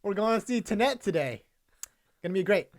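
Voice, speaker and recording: A man's voice: high voice, expressive, brisk, pitched above the performer's own voice. A man doing a chipper, gushing movie star. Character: impression of a famous male movie star, upbeat.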